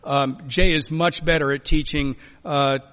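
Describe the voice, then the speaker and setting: A man preaching a sermon as a pastor, emphatic, swinging between loud urging and quiet, soft lines. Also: a little high, steady tone, measured pace. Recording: long hall reverb.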